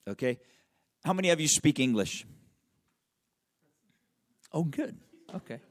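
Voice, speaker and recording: A man preaching a conversational sermon, checking in with the audience with frequent questions and slowing right down to stress key words. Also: a little high, lively intonation. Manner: wide swings in loudness and emphasis, drawn-out slow words. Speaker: pastor.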